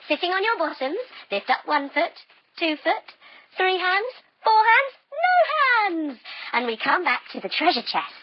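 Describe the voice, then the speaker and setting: A woman leading a children's yoga lesson as a story, playful and animated, with silly sound effects. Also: very high-pitched, dull audio. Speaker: kids yoga teacher.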